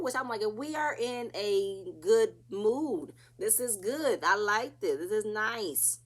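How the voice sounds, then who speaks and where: A woman's voice: mid-range voice, expressive, slow pace, few pauses. A woman casually recapping a reality TV episode, chatty and opinionated, acting out what the cast said.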